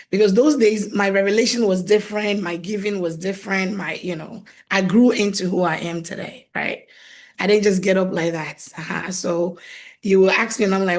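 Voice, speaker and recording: An animated woman delivers a faith-based coaching talk to her viewers. She laughs easily, slips into playful quoted voices, and repeats key lines for emphasis, at an ordinary middle pitch for a woman. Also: moderate pace. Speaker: marriage coach. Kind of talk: faith-based teaching monologue.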